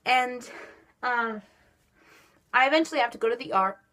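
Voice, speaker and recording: Teen girl vlogger, casual animated storytelling, filler-heavy, neck stiff and sore. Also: a little high, normal speed. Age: teens. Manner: animated storytelling, lots of "like" and "just like". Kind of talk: casual chat to camera.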